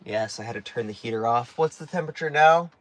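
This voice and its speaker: A man's voice: medium pitch, fast talker, a bit bright, no room sound. A man hosting a casual live stream from inside a small tiny house, reading chat questions, joking and laughing often, his voice now and then cracking. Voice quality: voice cracks at times. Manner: chatty, jokey, laughs often.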